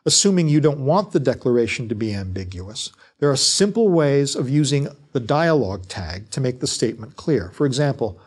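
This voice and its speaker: A male lecturer delivers a prepared talk on writing. His voice sits at a middle pitch, and his delivery is measured and deliberate. He lays out each point in steady, explanatory phrases. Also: slightly rough. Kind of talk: scripted lecture.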